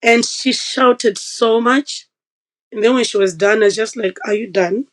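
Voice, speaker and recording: A slightly high-voiced woman takes her time as she relates a personal anecdote on someone's podcast. She's informal and expressive, performing the voices of people in the story. Audio quality is poor.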